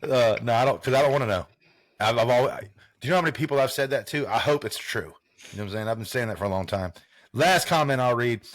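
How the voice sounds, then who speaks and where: A man co-hosts a sports podcast, trading loose, laid-back banter packed with swearing. His voice is mid-range, and the studio recording is clean with no echo.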